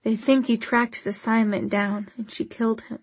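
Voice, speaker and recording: A woman voicing a grieving eighteen-year-old man, quiet and halting in shock. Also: fairly high pitch, little pitch movement, no echo. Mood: stunned.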